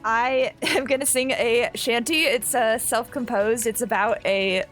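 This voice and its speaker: Woman, slightly high voice, chatty and giggly, lots of fillers, music behind. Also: unhurried, fairly bright tone. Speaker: player. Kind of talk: in-character tabletop play.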